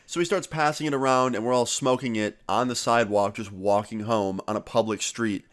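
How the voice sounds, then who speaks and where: A young man vlogger telling a story in a casual, animated way and swearing freely. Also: mid-range voice, a little fast.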